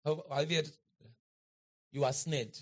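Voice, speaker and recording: A man preaching a sermon in an auditorium, leading the crowd in call-and-response and building to shouts and chants. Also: fairly high pitch, fairly even intonation, unhurried. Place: large auditorium.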